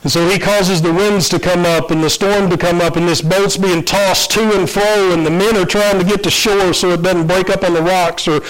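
A man's voice: high voice, rough recording. A man preaching an informal sermon, retelling a Bible story in a casual, conversational way with frequent fillers and restarts.

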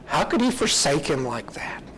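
A man's voice: a little high, very animated, normal speed, a bit bright, slight background noise, rough recording. A man preaching a sermon, retelling a story in an earnest, reflective way.

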